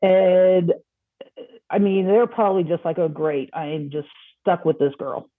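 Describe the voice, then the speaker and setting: A woman guest on a podcast, telling a personal story in a casual, animated way and acting out the dialogue. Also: on the low side, a little slow, dry recording. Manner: animated, acts out quoted dialogue. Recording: tinny phone-like line.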